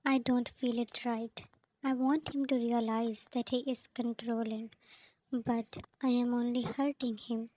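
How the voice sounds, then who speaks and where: Lady reading a stubborn soft-hearted young heroine, slow and kinda monotone. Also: on the high side, slight background noise, lightly acted, rough recording. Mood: upset.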